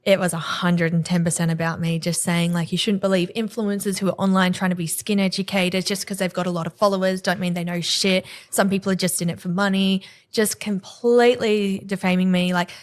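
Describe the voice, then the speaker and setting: A woman's voice: medium pitch, flat delivery, brisk, hardly any pauses. A woman in her thirties with an Australian accent, a podcast guest telling a painful personal story and acting out the exchanges she quotes. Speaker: podcast guest, salon owner. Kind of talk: candid podcast conversation.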